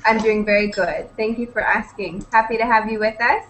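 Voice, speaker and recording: A young woman from British Columbia, Canada, teaches online English conversation, cheerfully welcoming students one by one in an upbeat class chat. Her mid-range voice is steady, fairly quick and a bit bright, though the recording is rough with a little hiss or hum.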